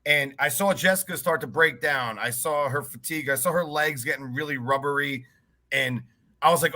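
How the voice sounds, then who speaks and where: A man's voice: a little high, normal speed, sharp tone. A man hosting a casual interview, asking enthusiastic, rambling questions full of fillers. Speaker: podcast host.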